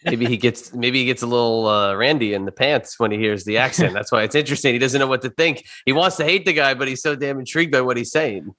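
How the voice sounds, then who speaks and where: A man's voice: medium pitch, fast, few pauses, pushed and bright. A man co-hosting a podcast, teasing and joking in casual chat. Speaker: podcast co-host.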